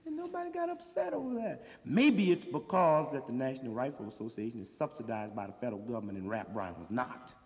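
A man's voice: mid-range voice, big pitch swings, fast talker, hardly any pauses. A man doing a streetwise, sardonic stand-up routine that swells into emphatic outbursts, on an old live recording. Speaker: stand-up comedian. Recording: old live recording in a reverberant hall, dull sound.

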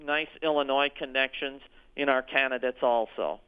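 A man's voice: medium pitch, steady tone, moderate pace, clear, resonant tone. Hesitant man on a tinny phone line. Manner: hesitant, many ums and restarts. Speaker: orchestra executive director. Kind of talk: radio interview, answering questions.

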